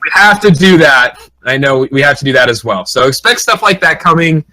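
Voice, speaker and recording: Bright-voiced rambling male co-host. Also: fairly high pitch, brisk, rough recording. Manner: rambling, excitable. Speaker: podcast co-host. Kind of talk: casual podcast chat.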